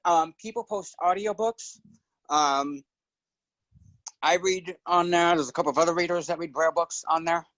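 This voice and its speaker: Middle-aged man, casual guest storyteller, slightly high voice, dry close sound. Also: moderate pace, no echo, muffled recording. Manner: relaxed storyteller who slips into character voices. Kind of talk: casual chat.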